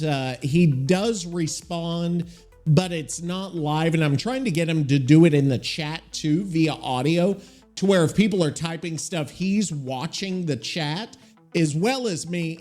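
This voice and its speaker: A man's voice: on the high side, a little mellow. A man hosting a casual podcast alone, rambling and swearing freely as he thinks aloud and looks things up. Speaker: podcast host. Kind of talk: casual solo podcast chat.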